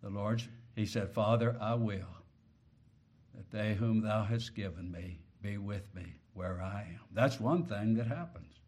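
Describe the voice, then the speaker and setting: A male preacher delivering a sermon, slow and deliberate, swinging from quiet low phrases to loud emphatic peaks on key words.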